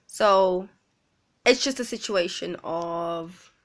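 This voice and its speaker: A woman speaking earnestly in a personal confessional vlog, pausing often. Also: on the low side. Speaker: vlogger.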